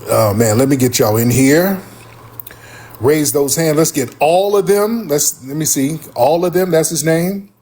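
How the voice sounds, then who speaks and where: A man hosting a live stream, telling a story casually and acting out other people's voices with big pitch jumps. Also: a little slow, warm tone. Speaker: livestream host.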